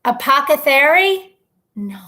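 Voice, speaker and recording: A woman's voice: high-pitched, sing-song, takes it slowly, bright, forceful tone. A woman in her thirties hosting a casual live stream from home, reading viewer comments aloud in a chatty, rambling way and laughing at herself. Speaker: livestream host.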